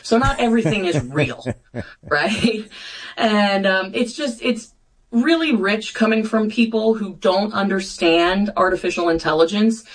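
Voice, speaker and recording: A blunt, brisk woman talking politics as a show guest, mixing sarcasm into quick points. Her pitch sits in an ordinary middle range. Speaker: congresswoman guest. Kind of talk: political talk show interview.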